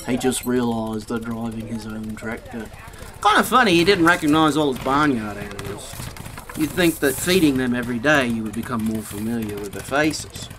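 A woman's voice: a bass voice, expressive, moderate pace, background noise. A woman reading a children's picture book aloud, playful, with jokey asides. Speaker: storyteller.

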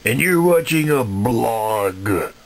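Smug takeover puppet frog, voiced by a man: low-key, very slow, sly. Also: animated, gravelly, a little hiss or hum. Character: male puppet frog taken over, smug and mean. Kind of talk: puppet comedy video.

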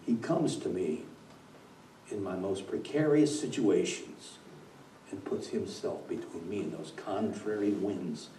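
A man preaching a dramatic storytelling sermon, swinging from hushed to loud, recorded in a church. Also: low-pitched, unhurried, slight background noise. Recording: echoey church from far off.

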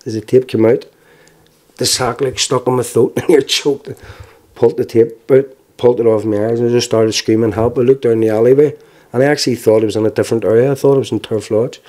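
Plain and frank, with halting restarts, a Belfast-accented man in his forties from Northern Ireland offers personal testimony in an interview. He speaks at medium pitch with fairly even intonation and a dark tone.

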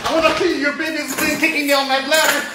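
A man's voice: extremely high pitch, level tone, quick pace, very noisy. A man playing a whiny, demanding pregnant young wife in a comedy sketch who groans and keeps asking for things. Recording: echoey room.

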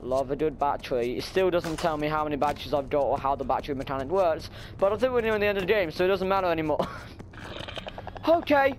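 A man's voice: fairly high pitch, quick pace, few pauses, slight background noise. A young man commenting on a horror game, muttering nervously to himself and breaking into sudden startled shrieks. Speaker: gaming channel host.

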